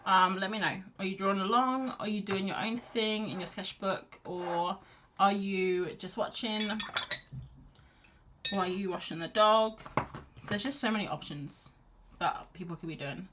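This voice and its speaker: Wrapped in a blanket on her sofa at home, an art streamer paints live and chats in an unhurried, medium-pitched voice. She reads out chat, rambles and cheers herself along. Quiet music plays amid a noisy background.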